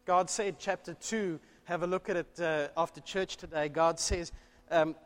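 A man preaching a sermon in church, telling a story with animated delivery and rhetorical questions. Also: a little high, normal speed. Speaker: pastor. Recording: long church reverb.

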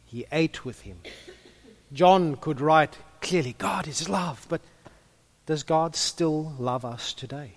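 A man's voice: a little high, slow pace. A man preaching a sermon in a conversational way, with humorous asides and a few stumbles.

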